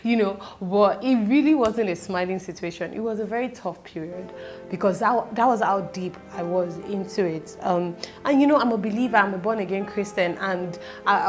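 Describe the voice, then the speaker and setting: A woman in her thirties speaking in a personal vlog, halting and close to tears, with faint music behind. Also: mid-range voice, darkish tone. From Nigeria. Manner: tearful, halting, fighting back tears. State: close to crying. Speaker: vlogger.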